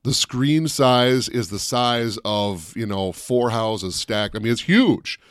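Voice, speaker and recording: A man co-hosting a casual chat, telling stories with lively energy and shouting out the voices of people in them. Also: mid-range voice, takes it slowly, clean tone, no echo, clean studio sound. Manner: animated storyteller, shouts out quoted voices. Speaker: co-host.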